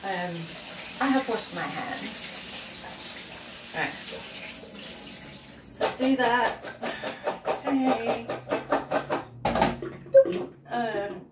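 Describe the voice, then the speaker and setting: A woman, unwell with a cough, chatting in a rambling way while cooking for her vlog. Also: medium pitch. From Australia. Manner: chatty, rambling, often trails off into asides. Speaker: vlogger. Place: outdoors on a windy day. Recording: roomy, far from the mic, faint background noise.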